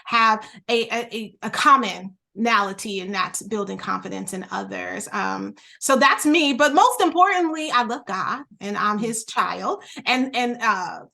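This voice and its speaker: Bright-voiced animated woman guest. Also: medium pitch, unhurried, gravelly, few pauses. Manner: animated, emotional, laughing often. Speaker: guest, entrepreneur and coach. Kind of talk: casual chat among friends.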